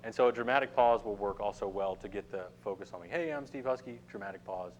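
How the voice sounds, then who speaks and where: A middle-aged man with a fairly low, fairly even voice talks quickly while teaching a networking workshop to a small audience in a meeting room. His manner is conversational, and he keeps checking in with the room by asking "okay?" The low-quality recording carries slight background noise.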